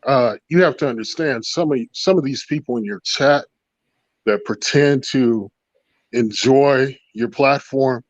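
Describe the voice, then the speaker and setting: A man's voice: medium pitch, a little slow, no room sound. A man calling into a livestream, giving the host advice and speaking to the audience at home. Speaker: caller. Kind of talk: casual call-in commentary. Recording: dull lo-fi call audio.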